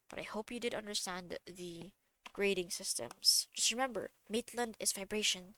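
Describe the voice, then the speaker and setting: A woman's voice: medium pitch, moderate pace, sharp tone, a little hiss or hum. A woman casually explaining physiotherapy techniques in a recorded lesson, often correcting herself and going off on tangents with self-deprecating asides. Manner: chatty, digressive and self-correcting.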